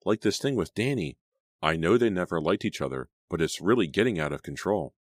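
An anxious teenage girl, voiced by a man reading an audiobook, earnest and easily alarmed. The voice is pushed up from a deep base, and it sounds dry and close with no room around it. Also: lively intonation, fairly quick, no room sound. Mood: worried, earnest.

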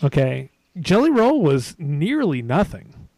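A man with a somewhat higher voice hosts a casual podcast, rambling through his stories and laughing at himself as he goes. The sound is dry and close, with little room echo. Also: big pitch swings, takes it slowly, a little mellow. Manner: rambling, laughing, self-deprecating. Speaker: podcast host. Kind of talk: casual chat. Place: away from home, remote.

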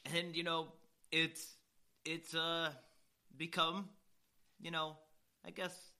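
A man co-hosting a casual podcast, asking rambling, halting questions. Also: fairly high pitch, monotone, pushed and bright. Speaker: podcast co-host.

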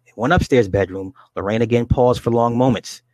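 A man reading a book aloud and adding his own commentary, with halting restarts and asides to his listeners. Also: mid-range voice, a little mellow, no echo. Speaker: reader and commentator.

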